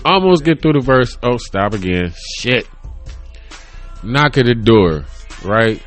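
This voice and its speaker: A man in his thirties hosting his own podcast, rambling casually, laughing often and swearing freely. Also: lowish voice. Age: 30s. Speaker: podcast host. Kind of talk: casual solo chat. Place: home room.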